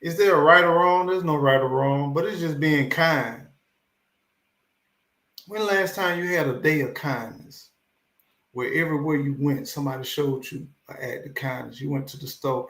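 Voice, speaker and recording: A man's voice: mid-range voice, normal speed, a bit bright, echoey room. A man hosting a live stream, giving a repetitive, preachy motivational talk.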